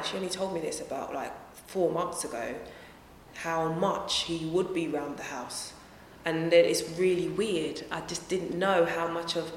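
A woman's voice: lowish voice, a little hiss or hum. A woman singer, answering interview questions in a conversational way, often correcting herself. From England. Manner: conversational, self-correcting, lively tangents. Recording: echoey room with long reverb.

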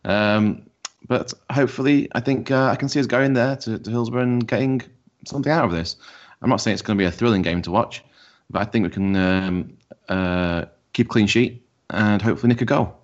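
Low-voiced casual podcast co-host. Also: male voice, brisk. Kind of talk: casual football chat. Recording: dull lo-fi sound.

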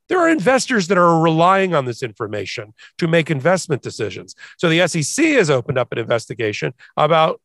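A man's voice: on the high side, sing-song, fairly quick, fairly bright tone, no room sound. Lawyer guy on a podcast, emphatic, does little voices for quotes, dry mic. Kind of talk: legal commentary chat.

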